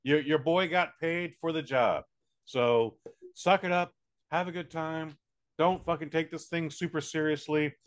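Animated, profane American man. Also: a little high. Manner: animated, profane, does quick silly voices. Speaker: podcast co-host. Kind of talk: casual movie review chat.

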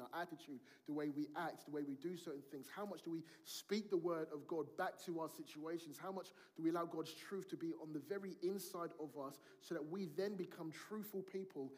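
A man's voice: fairly high pitch, fairly quick, hardly any pauses. A man, preaching a sermon in a conversational storytelling way and acting out family dialogue.

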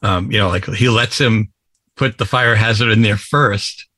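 A man's voice: on the low side, normal speed, sharp tone. A man in a casual movie podcast chat, rambling with many fillers and restarts.

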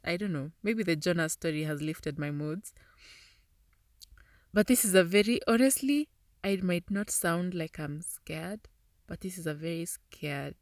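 A woman's voice: on the low side, dry recording, clean studio sound. A woman hosting a casual podcast, reading a passage aloud and reacting with chatty asides and frequent laughter. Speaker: podcast host.

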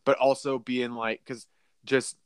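A young man tells a story, looping back on himself with fillers and laughter. His voice sits at a middling pitch. He is recorded close and dry. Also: flat delivery, measured pace, clean tone, no room sound. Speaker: podcast co-host. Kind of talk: casual chat.

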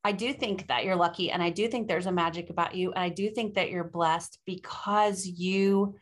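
A woman's voice: on the low side, steady tone, normal speed, slight background noise. A woman hosting a podcast interview, encouraging and affirming her guest. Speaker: podcast host. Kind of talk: interview conversation.

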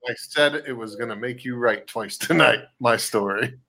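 A man chats on a podcast from home over a video call, joking and playfully teasing. His voice is medium in pitch with a bright, forward edge. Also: gravelly. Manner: joking, playful, quick to tease. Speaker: podcast co-host. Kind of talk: casual chat.

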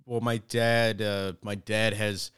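Very deep-voiced man, smooth and dry. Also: level tone, slow, a bit bright, no room sound. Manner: laid-back, profane storytelling. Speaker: stand-up comedian guest. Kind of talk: casual podcast chat.

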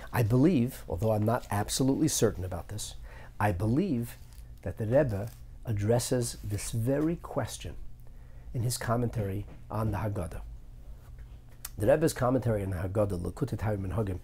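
A man's voice: fairly low pitch, moderate pace, slight background noise. A man teaching a lesson on the Haggadah, thinking aloud and often hedging. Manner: animated, searching, thinks aloud with frequent hedges. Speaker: Torah teacher.

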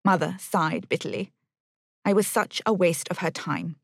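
A woman's voice: lowish voice, big pitch swings, normal speed, vocal fry, dry recording, clean studio sound. A woman narrating a first-person novel in a wry, bitter tone.

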